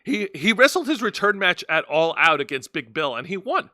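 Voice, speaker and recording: Bright, dry-sounding man recapping matches. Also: high voice, big pitch swings, moderate pace, dry recording. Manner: explanatory, stumbling restarts, laughing at partner. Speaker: podcast host. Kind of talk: casual wrestling review chat.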